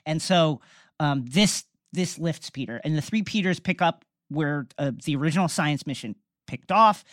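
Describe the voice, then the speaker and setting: Woman co-host, low voice, dry close sound, animated plot recap in casual chat. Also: normal speed, no echo. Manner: animated storytelling, many restarts. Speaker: podcast co-host recapping a film.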